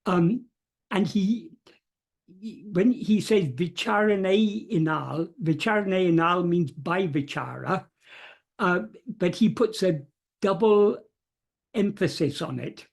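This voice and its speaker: A man on a video call explaining a spiritual text carefully, pausing often with fillers and restarts. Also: sits high, expressive, gravelly, a little mellow, husky. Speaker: teacher of spiritual texts. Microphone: computer mic on a video call.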